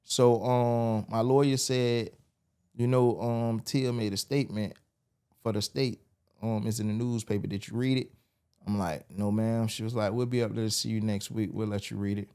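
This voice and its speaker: Animated man telling his story. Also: on the low side, moderate pace, smooth. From Miami, USA. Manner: animated storyteller acting out quoted voices. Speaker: podcast guest. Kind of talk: storytelling interview.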